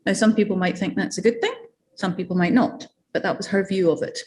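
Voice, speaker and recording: A woman's voice: medium pitch, fast talker, slight background noise. A woman with a Scottish accent giving an academic seminar talk in a conversational way, with fillers and asides. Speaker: academic lecturer.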